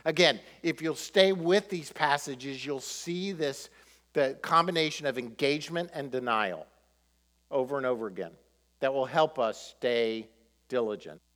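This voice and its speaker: A male pastor preaching a sermon, animated, throwing rhetorical questions at the congregation. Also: mid-range voice, unhurried, big-room sound.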